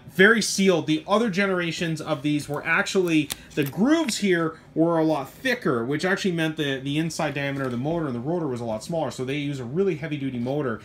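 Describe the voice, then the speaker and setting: A man's voice: fairly high pitch, a little hiss or hum. A middle-aged man who runs a hobby shop, talking casually and with animation about a truck he sells, rambling through asides and mild cursing. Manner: animated, rambling, swears mildly, lots of asides. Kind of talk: casual product talk.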